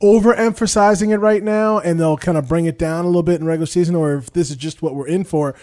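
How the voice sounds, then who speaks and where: Fast-talking mellow male football analyst. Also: a little high, steady tone. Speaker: color analyst. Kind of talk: radio sports analysis.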